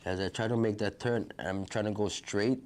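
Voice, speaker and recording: A middle-aged man, his voice sitting on the low side. He recounts his story as a vivid present-tense retelling and acts out the dialogue. A faint noise sits under his voice. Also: steady tone, moderate pace, a little mellow. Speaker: wildfire survivor. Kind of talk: personal storytelling.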